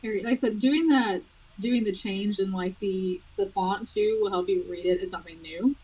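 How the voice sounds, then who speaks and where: A young adult woman, an author, chatting in a casual interview, animated and quick to laugh. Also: mid-range voice, husky, poor audio. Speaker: author guest.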